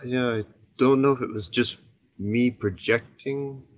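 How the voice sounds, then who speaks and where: A man calling in to an advice show, speaking hesitantly and softly with many fillers. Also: medium pitch, steady tone, unhurried, no echo. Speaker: caller. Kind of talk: call-in conversation. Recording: dull phone-line caller audio.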